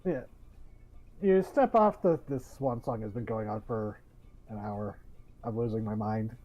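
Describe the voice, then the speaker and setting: A man's voice: fairly low pitch, unhurried. Rambling man running a tabletop game. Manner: rambling, many fillers and restarts. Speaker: game master. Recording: dull lo-fi audio.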